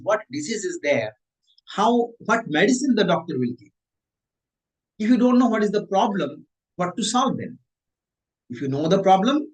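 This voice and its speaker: A man, a mindset coach giving a motivational talk, repeating and rephrasing his points with animated emphasis. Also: a little high, rough recording.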